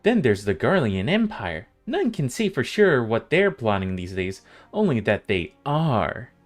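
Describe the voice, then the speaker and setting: A man voicing a wry, motherly female tavern owner and guild master, telling her tale in a slow, drawn-out way. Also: medium pitch, big pitch swings, faint music behind. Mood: welcoming. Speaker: streamer reading game dialogue aloud.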